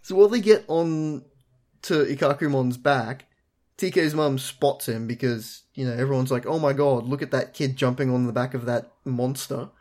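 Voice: mid-range voice, moderate pace, darkish tone. A podcast host recapping an episode in casual chat, acting out characters' lines with laughs and swearing.

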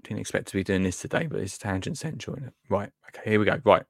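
A man's voice: lowish voice, lively intonation, quick pace, vocal fry, faint music behind. A man presenting gardening tips on a live stream in a chatty, easily sidetracked way, laughing often. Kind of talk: casual live chat.

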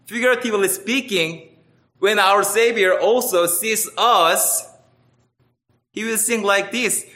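Slow, bright-voiced man preaching. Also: high-pitched, lively intonation. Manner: earnest, emphatic, with wide swings between loud and quiet. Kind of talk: sermon.

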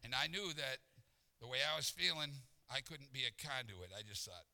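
Gravelly, bright-voiced man preaching. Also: mid-range voice, moderate pace. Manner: animated storyteller, acts out exasperation. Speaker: pastor. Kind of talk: sermon storytelling.

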